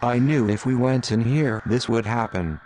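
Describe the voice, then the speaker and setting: A man voicing Nathan, a frightened boy climbing a tree who shouts in panic, read in a homemade audio drama. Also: mid-range voice, normal speed, slight background noise, natural voice. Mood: panicked.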